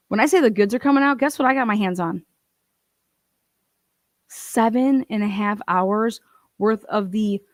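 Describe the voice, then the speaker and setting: A woman's voice: mid-range voice, no room sound, studio quality. A woman hosting a commentary channel, ranting in a profane, combative way and acting out other people's voices. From Ohio.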